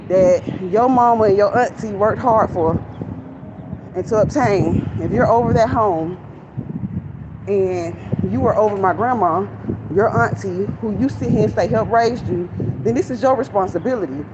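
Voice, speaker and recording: A woman's voice: mid-range voice, unhurried. Young woman venting on a walk. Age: young adult. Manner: chatty, candid, venting to viewers. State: out of breath while walking. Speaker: vlogger. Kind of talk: casual rambling vlog. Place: outdoors near a shopping center. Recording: lo-fi phone audio, traffic noise.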